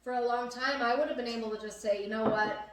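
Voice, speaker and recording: A woman's voice: on the high side, fairly even intonation, fast talker, background noise. A young adult woman hosting a casual chat, talking earnestly with many fillers. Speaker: host. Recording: echoey room, mic at a distance.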